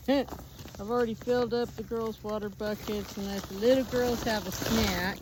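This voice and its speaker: A woman's voice: medium pitch, fairly even intonation, a little slow, noisy background. A woman vlogging outdoors on her farm in a chatty, casual way, sometimes talking sweetly to her animals. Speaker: homestead vlogger. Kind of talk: casual farm vlog narration. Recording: faint outdoor ambience with farm birds. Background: chickens and ducks clucking.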